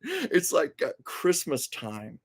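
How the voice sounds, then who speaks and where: A man's voice: on the high side, wildly swooping pitch, slow pace, breathy edge. A man hosting a casual live stream, telling stories in a chatty way, laughing often and drifting into asides. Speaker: host. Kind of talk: casual storytelling chat.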